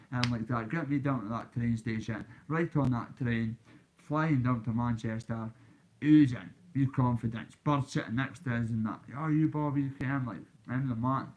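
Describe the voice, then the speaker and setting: A man's voice: medium pitch, darkish tone, poor audio. A Scottish man with a Glasgow accent, a YouTuber telling a boastful story straight into his phone and talking to the kids watching. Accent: Scottish, Glaswegian. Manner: boastful, swaggering, addresses kids directly. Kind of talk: casual vlog storytelling.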